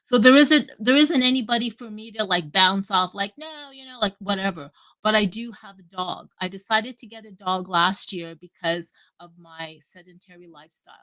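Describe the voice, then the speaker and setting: A woman talking casually and at length on a live audio chat, rambling and animated, cutting herself off and swearing freely. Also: mid-range voice, normal speed. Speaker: guest speaker.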